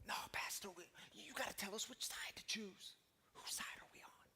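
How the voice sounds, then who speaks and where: A man voicing a skeptical churchgoer in a hushed, unvoiced whisper. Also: high voice, moderate pace. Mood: conspiratorial.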